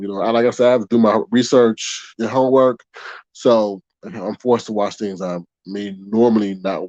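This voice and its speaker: A man's voice: lowish voice, a little mellow, no echo. Man, livestream commentary host, blunt and chatty, dry muffled mic.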